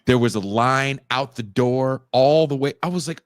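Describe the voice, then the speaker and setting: A young man riffing on a casual podcast, loud and profane. His pitch swings widely as he tells stories. The mic is close and the sound is dry. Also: a little fast, no room sound. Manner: animated, profane, laughs and shouts often. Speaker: podcast co-host. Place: home in Mexico.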